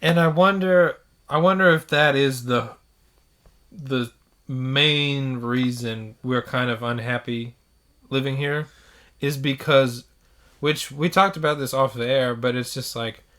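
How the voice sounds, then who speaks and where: A man's voice: medium pitch, slow, a bit bright. A man co-hosting a podcast, chatting casually and acting out quotes as he tells stories. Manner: storytelling, acts out quotes. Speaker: podcast co-host. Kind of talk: casual chat. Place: living in Japan.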